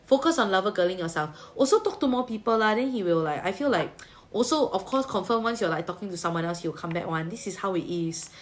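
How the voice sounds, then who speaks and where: A woman's voice: medium pitch, expressive, quick pace. A woman with a Singaporean accent giving a livestream tarot reading, chatty and colloquial, with Singlish particles and big-sister reassurance. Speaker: tarot reader.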